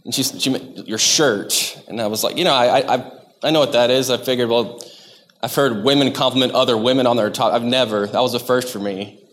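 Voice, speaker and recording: A man's voice: mid-range voice, steady tone, fast, long reverb tail. A man from Texas, giving a sermon to his church in a conversational, self-deprecating way, often stopping and restarting his sentences. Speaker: lay preacher. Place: church sanctuary.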